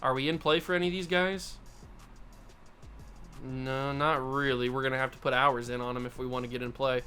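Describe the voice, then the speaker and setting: A man's voice: mid-range voice, level tone, a little fast, bright, forceful tone, soft background music. A young man hosting a football video game playthrough, commenting casually and mocking himself as he swings between groans and yelps. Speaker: gaming YouTuber host.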